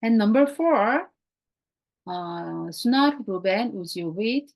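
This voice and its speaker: A woman teaching a Greek grammar class in a slow, repetitive way, speaking English as a non-native speaker whose first language is Korean. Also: mid-range voice, lively intonation, darkish tone. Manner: slow, repeats key words, non-native phrasing.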